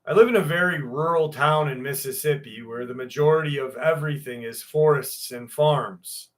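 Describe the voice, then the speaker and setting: A man hosting a live talk show, telling a crude, profane story in a casual way and building it up with pauses. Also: on the high side. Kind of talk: casual storytelling, acting out the characters.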